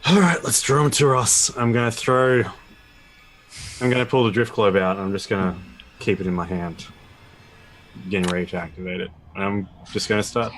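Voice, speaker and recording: A man's voice: on the low side, fairly bright tone. A man playing in a tabletop role-play game who chats casually and upbeat with the group. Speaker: player. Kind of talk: casual chat. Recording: faint background music.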